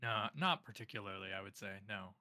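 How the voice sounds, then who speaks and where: A man playing a tabletop game in character, relaxed and a little hesitant. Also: fairly low pitch, quick pace. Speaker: player.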